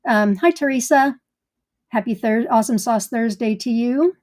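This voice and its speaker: A woman's voice: on the high side, moderate pace, a little mellow. A woman hosting a live gardening stream in casual chat, greeting viewers by name in a chatty way.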